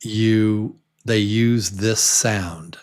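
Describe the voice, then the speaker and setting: A man teaching English pronunciation to beginners. He repeats each word slowly and clearly and talks straight to the learners to encourage them. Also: fairly low pitch, fairly even intonation. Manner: drills words slowly, repeating them many times. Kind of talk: slow, repetitive pronunciation lesson.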